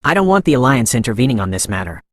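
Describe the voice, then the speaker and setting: A man's voice: medium pitch, big pitch swings, very fast, no room sound. A man voicing a smug, firm male prince, read in a recap narration in a dry recording.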